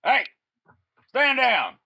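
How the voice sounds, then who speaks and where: A man voicing a gruff, folksy outlaw boss who talks in an old-timey rural drawl and grows muddled. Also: high voice, big pitch swings, moderate pace, sharp tone, pitched above the performer's own voice, exaggerated voice. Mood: commanding.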